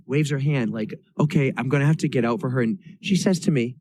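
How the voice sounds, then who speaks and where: A man from New Hampshire co-hosting a podcast, telling a story in a lively, self-mocking way and acting out the quotes. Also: mid-range voice, a little fast, hardly any pauses, no echo, low-quality recording. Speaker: podcast co-host. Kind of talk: casual storytelling chat.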